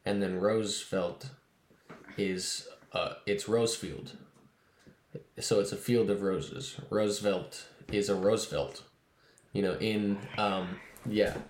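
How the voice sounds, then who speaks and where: A young man guest in a casual chat, relaxed and easygoing as he tells stories. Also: fairly low pitch, slow pace. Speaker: guest, fighter. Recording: roomy echo, faint noise.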